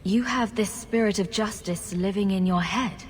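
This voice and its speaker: A woman's voice: medium pitch, normal speed, slight background noise, natural voice. An actress voicing a sardonic female hero in video game dialogue, with a dry, teasing manner.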